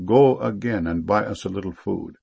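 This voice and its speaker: Pleading elder brother read by a man, low husky voice, solemn scripture reading. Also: normal speed, warm tone, heavily acted. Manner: earnest, pleading. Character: pleading grown brother begging for mercy.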